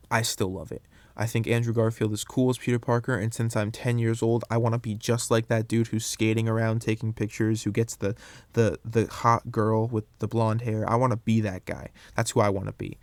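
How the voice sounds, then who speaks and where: A young man hosting a solo podcast, rambling through his opinions in a casual, animated way with frequent restarts. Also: lowish voice, dry recording. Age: young adult. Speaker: podcast host.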